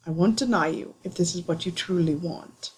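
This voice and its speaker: Storybook role: grave older wizard, quiet and breathy, read by a woman. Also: lowish voice, moderate pace, rough recording. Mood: tender. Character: stern older wizard man, low and measured.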